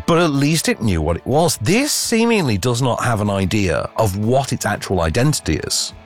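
A man talks through a film in easy, conversational chat, his pitch rising and falling all over the place. He keeps stumbling into fillers and restarts, and soft music plays faintly under him. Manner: animated, chatty, lots of fillers and restarts. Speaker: film reviewer. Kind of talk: casual film review chat.

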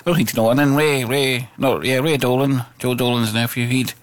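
A man's voice: mid-range voice, fairly even intonation, normal speed, dry recording. A man hosting a local radio show, chatting casually in a jokey, rambling, self-deprecating way. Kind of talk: casual chat.

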